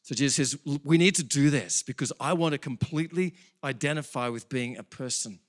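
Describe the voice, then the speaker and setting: A man preaching a sermon as pastor, animated and building to excited peaks, with quick self-corrections. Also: mid-range voice.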